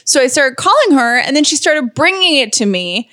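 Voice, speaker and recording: A woman co-hosting a podcast in casual chat, telling a story quickly while upset and close to tears. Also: sits high, very animated, pushed and bright. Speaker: podcast co-host.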